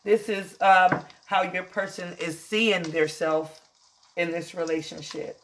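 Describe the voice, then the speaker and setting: A woman's voice: lowish voice, steady tone, takes it slowly, a little hiss or hum. Emotional chatty woman tarot reader. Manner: chatty, emotional, calls listeners "child". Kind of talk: casual tarot reading.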